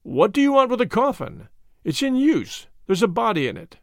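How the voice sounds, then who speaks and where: A man's voice: sits high, very animated, normal speed, no room sound, clean studio sound, voice pushed up. A man doing an oily, sneering swindler. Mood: jeering. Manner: oily, mocking. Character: burly unctuous swindler, smooth then sneering.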